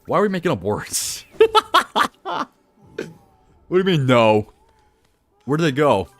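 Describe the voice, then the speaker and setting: A man live-streaming a video game, animated, laughing and chatting with his viewers. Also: medium pitch, fairly quick, dry recording, soft background music. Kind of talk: live gameplay commentary.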